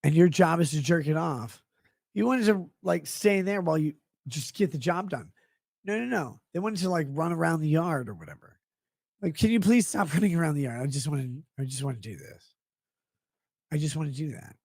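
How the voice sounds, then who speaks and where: Male streamer, gravelly and husky, sarcastic crude rambling, dry sound. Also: on the high side, animated, brisk, a little mellow, no room sound.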